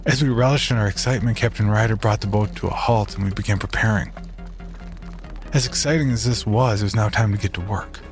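Deep-voiced male horror story narrator. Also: steady tone, brisk, soft background music.

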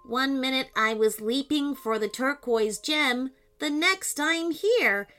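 A woman voicing a friendly little male video game robot who talks slowly and cheerfully. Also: high voice, bright, forceful tone, faint music behind, heavily acted.

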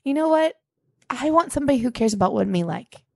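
A woman's voice: high voice, lively intonation, quick pace, vocal fry, no room sound, studio quality, exaggerated voice. A woman playing a brash, fickle wife on a date, blunt and dismissive, in an improvised comedy scene. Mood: heated. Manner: blunt, dismissive, swings between extremes. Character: brash, fickle woman cheating on her husband. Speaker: podcast host.

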